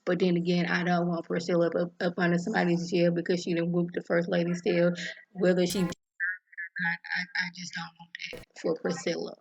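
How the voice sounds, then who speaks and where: A woman giving a casual, animated recap of a TV episode, acting out the characters' lines as she goes. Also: lowish voice, moderate pace, gravelly, husky, highs cut off. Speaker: TV episode reviewer.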